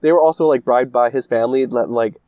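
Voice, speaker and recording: A man's voice: mid-range voice, quick pace, warm tone, no room sound, highs cut off. A young man in casual chat, rambling and swearing through a story recap full of filler words. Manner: rambling, profane, lots of filler "like".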